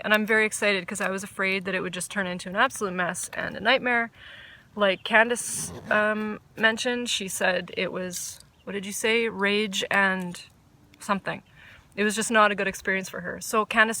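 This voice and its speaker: A woman hosting a casual knitting podcast outdoors, chatty, excitable and self-deprecating. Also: mid-range voice. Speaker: podcast host. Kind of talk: casual chat about knitting. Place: outdoors under a tree.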